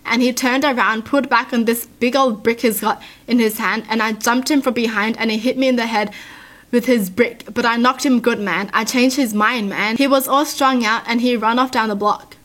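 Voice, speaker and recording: A woman voicing an excited, grateful homeless man who boasts about a street fight. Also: on the high side, moderate pace, lightly acted. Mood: excited boasting.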